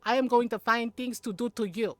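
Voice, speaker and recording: A fierce middle-aged auntie tears into a rude doctor with sharp, threatening scolding, as a woman puts her on. Her voice sits lower and sterner than the teller's own, though it stays fairly high, and the delivery is close and dry. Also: fairly even intonation, a little fast, dry recording, close to an everyday voice.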